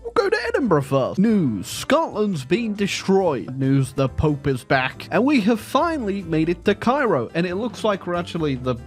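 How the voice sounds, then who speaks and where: A wry gaming commentator jokes over gameplay with sarcastic humor, his sing-song voice jumping suddenly to high pitches. He talks at a measured pace with hardly any pauses, game music faintly in the background.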